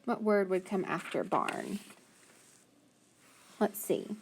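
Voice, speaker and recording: Patient woman teaching phonics slowly. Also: medium pitch, sing-song, slight background noise. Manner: slow, patient sounding-out of words. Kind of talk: phonics lesson for young children.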